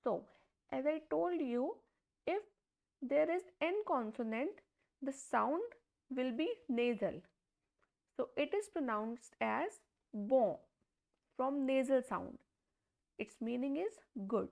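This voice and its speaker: A high-voiced woman teaches a beginners' pronunciation lesson. She speaks slowly and deliberately, repeating each example word, and her voice has a gravelly, creaky edge. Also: animated, a little mellow. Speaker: language teacher. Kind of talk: slow step-by-step pronunciation lesson.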